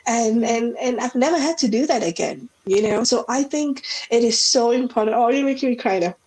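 A woman's voice: on the high side, animated, fairly quick, darkish tone, poor audio. A woman in her forties, from Singapore, telling a heartfelt personal story as a podcast guest, reflective and full of restarts.

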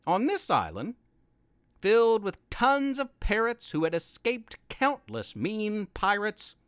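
Slow, expressive children's storyteller. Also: mid-range voice, clean tone, dry recording, clean studio sound. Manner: playful, expressive read-aloud. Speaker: storyteller host. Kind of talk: scripted story narration.

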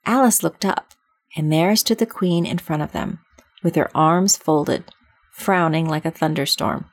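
Brief: woman narrator, measured storybook reading, dry sound. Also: sits low, no echo.

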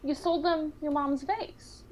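A woman's voice: high voice, steady tone, slow pace, darkish tone. A woman playing a tabletop role-playing game, asking polite, hesitant questions. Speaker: player.

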